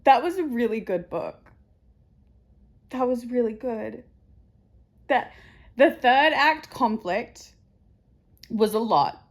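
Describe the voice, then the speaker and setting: A teary, emotional woman book vlogger talking to camera, halting and repeating herself softly. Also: on the high side, expressive. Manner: halting, repeats herself, soft trailing phrases. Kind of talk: casual chat to camera.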